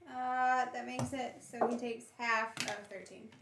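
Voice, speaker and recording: A woman's voice: on the high side, fairly even intonation, measured pace, a bit bright. A woman playing a tabletop game, hesitant with many ums and giggles. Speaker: player. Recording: echoey room with faint noise.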